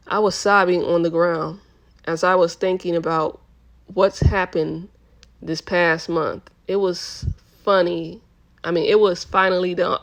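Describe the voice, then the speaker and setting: A woman's voice: lowish voice, steady tone, unhurried. A woman reading a novel aloud as host of her channel, with casual, chatty asides. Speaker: book reader, channel host.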